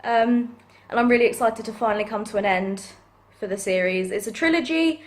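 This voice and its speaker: A young woman gushing excitedly as she chats through a book unboxing. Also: fairly high pitch, a little fast, a little hiss or hum. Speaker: book vlogger. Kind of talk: casual unboxing chat.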